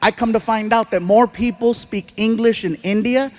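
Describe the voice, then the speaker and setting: High-pitched man telling stand-up stories. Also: normal speed. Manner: animated, puts on voices for people in his stories. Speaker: stand-up comedian. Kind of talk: stand-up storytelling. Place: live comedy stage.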